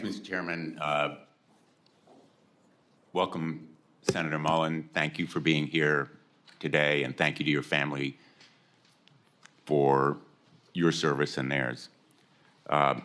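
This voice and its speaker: An older man questioning a nominee at a formal hearing, speaking in a deliberate, pointed way. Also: very deep voice, a bit bright. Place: hearing room.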